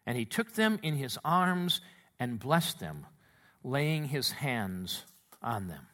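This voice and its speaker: A man preacher explaining a Bible passage in a conversational, animated way and reading scripture aloud. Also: mid-range voice, slow. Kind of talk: sermon.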